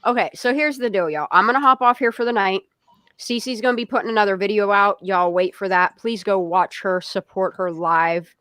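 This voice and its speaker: A woman's voice: mid-range voice, normal speed, fairly bright tone, no echo. A woman hosting a casual livestream, talking bluntly and heatedly and swearing freely. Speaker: livestream host.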